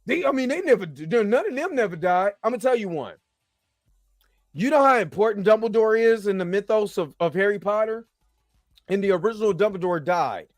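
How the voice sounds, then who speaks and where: A man's voice: sits high, expressive, brisk, no echo, soft background music. A man hosting his own show, ranting animatedly about pop culture, repeating himself and swearing. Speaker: show host.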